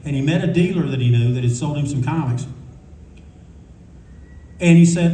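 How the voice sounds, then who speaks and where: Older man, convention panelist, animated storyteller, casual and salty, mellow voice a bit high, echoey room, recorded from a distance, faint ambience. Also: normal speed, long pauses, a little hiss or hum. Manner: animated, casual and profane, acts out quotes. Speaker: convention panelist telling stories. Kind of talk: live anecdotal storytelling. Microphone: audience recorder at a distance.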